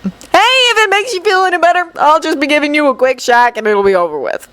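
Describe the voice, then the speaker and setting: A woman's voice: extremely high pitch, very animated, moderate pace, sharp tone, voice pushed up, exaggerated voice. Woman playing a brash, chummy teenage boy. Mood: cocky. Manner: chummy and confident. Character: cheerful, brash teenage boy with electric powers.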